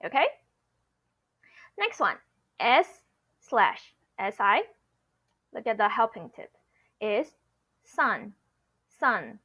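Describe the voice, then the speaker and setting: Slightly high-voiced woman teacher, slow patient drills, bit muffled sound. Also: very animated. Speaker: Mandarin teacher. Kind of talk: pronunciation lesson.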